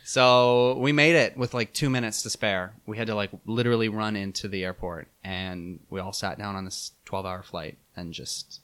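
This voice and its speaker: A young man telling a travel story in a casual chat, animated and laughing, with many fillers. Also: fairly low pitch, measured pace.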